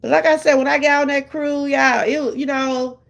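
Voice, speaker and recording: A woman's voice: high-pitched, fairly even intonation, brisk, gravelly. An older woman with a Southern US accent, chatting casually with her live viewers and laughing often. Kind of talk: casual live-stream chat.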